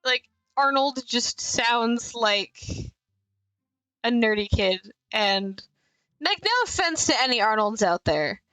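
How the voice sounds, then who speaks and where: A woman's voice: fairly high pitch, pushed and bright, dry recording, low-quality recording. A woman streamer chatting and rambling in asides while playing a story game live.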